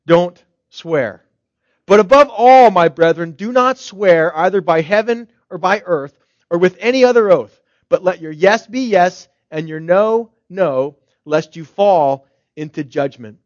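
A male pastor with a notably high voice delivers a sermon in an easy, conversational manner, piling up rhetorical questions. The recording sounds slightly dull and very dry, with no room echo. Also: animated, a little slow.

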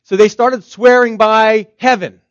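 A man's voice: high-pitched, steady tone, unhurried, dry recording. A man preaching a sermon as pastor, talking in a conversational way and firing off strings of rhetorical questions. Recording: slightly dull, dry recording.

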